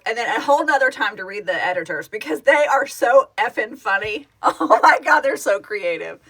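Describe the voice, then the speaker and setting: Excitable lady doing a live stream, bright voice, keeps gushing and laughing while she reads comments. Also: fairly high pitch. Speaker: project founder hosting a live stream. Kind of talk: casual live-stream chat, answering comments.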